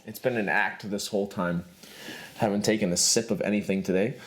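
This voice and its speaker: A man's voice: fairly low pitch, fairly even intonation, fairly quick, soft background music. A man hosting a podcast in a rambling comedic monologue, joking and laughing at himself. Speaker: podcast host.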